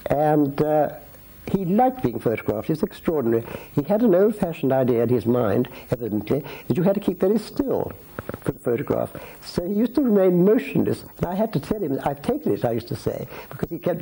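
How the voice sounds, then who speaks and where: In a filmed interview at his home, an elderly Scottish society photographer in his eighties wanders through anecdotes about his life, restarting and going off on asides. He speaks briskly in a slightly high voice with big pitch swings, mellow and a little rough. The recording is rough.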